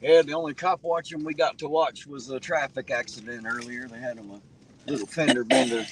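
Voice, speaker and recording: A man hosting a livestream from his car reads viewer comments and rambles in a folksy, casual way as he drives. His medium-pitched, slightly rough voice has fairly even intonation and a fairly quick pace. The audio is poor, with car road noise behind the voice.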